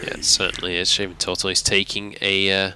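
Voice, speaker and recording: A man doing live play-by-play commentary on an esports match, climbing to excited shouts when fights break out. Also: sits low, fairly quick, slight background noise. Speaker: esports caster.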